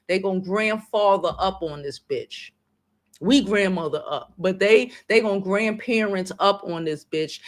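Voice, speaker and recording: A woman's voice: mid-range voice, fairly bright tone. A woman hosting a casual livestream, talking emotionally and emphatically, swearing freely and repeating hopeful affirmations over and over. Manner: emotional and heartfelt. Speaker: livestream host.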